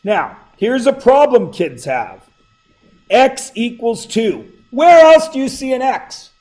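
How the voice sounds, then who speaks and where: A man's voice: very high voice, big pitch swings, slow, darkish tone, poor audio. A middle-aged man teaching math to a class, with a sore throat, asking the students question after question. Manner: questioning, prompts students for answers. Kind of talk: classroom lecture.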